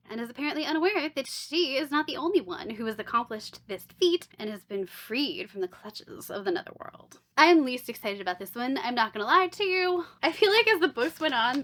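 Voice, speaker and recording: Bright, chatty woman book vlogger. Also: on the high side. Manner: chatty, wry asides and sarcastic jokes. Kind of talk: casual unboxing chat.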